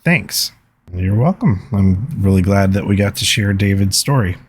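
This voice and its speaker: Low-voiced man hosting a recovery podcast. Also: moderate pace, darkish tone, a little hiss or hum. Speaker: podcast host. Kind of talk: solo podcast talk, reading listener comments.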